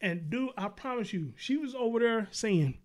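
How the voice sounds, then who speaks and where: High-voiced man hosting a casual show. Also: expressive, moderate pace, background noise. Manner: loose and profane, addresses listeners as dude and brother. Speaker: show host. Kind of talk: casual talk-show storytelling.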